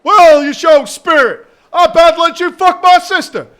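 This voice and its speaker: A bellowing, insult-spitting drill sergeant, put on by a man reading game lines aloud. The voice is high, bright and forceful, shouting orders at recruits in a gruff game scene. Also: unhurried. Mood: commanding. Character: harsh foul-mouthed male drill sergeant, bellowing.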